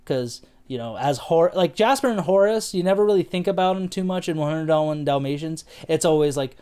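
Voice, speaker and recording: An American man rambles through a relaxed movie review, full of fillers and casual swearing. His voice is smooth and clear, pitched a touch high for a man. He laughs easily along with his co-host. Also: brisk. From United States. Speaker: podcast co-host. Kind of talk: casual film review chat.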